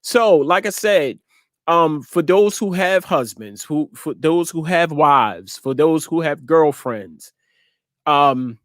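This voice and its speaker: Slow-talking man with a dry sound. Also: on the high side, expressive, fairly bright tone, no echo. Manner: laughs often, repeats words, slangy. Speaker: show host. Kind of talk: casual chat to a live audience.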